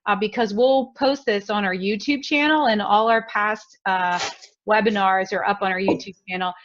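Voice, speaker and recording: Woman host giving webinar housekeeping notes, brisk w/ ums, muffled lo-fi audio. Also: medium pitch. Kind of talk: webinar announcements. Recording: dull lo-fi audio.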